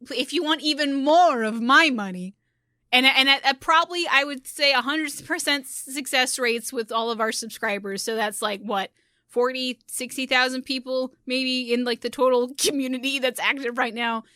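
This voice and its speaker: A woman YouTuber chatting casually on a gaming podcast, animated and quick to laugh. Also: high voice, dry recording, studio quality.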